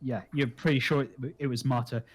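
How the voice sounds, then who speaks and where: A man narrating as game master in a tabletop game, halting and filled with fillers. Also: medium pitch, steady tone, slightly rough. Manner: halting, full of fillers and restarts.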